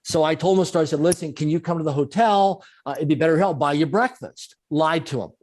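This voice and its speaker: Middle-aged man, guest storyteller, brighter higher voice, animated, leans on repetition. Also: quick pace. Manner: animated, repeats phrases for emphasis. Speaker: guest speaker. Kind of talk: storytelling in a conversational interview.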